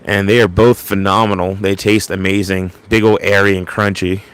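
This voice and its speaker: A man's voice: low-pitched, flat delivery, normal speed, a bit bright, clean tone. A man hosting a casual late-night livestream into an ASMR microphone, rambling and stammering as he repeats words. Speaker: livestream host.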